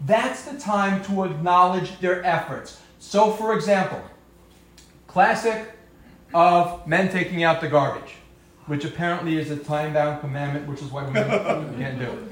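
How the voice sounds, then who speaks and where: Man in an echoey room, slightly high voice. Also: a little slow, fairly bright tone, slight background noise. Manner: conversational, acts out quoted voices, self-deprecating humor. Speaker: speaker giving a talk on marriage and parenting. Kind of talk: live talk to an audience.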